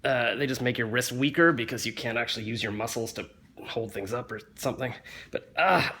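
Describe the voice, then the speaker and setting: A man tells a rambling, self-mocking story. He sounds close and a little muffled, from a phone held right at his face at home. His voice is mid-pitched and ordinary, and it rises and gets louder as the story picks up. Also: fairly quick, slight background noise. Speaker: vlogger. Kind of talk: casual storytelling. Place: indoors at home, just back from the gym. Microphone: phone held in hand, close to face.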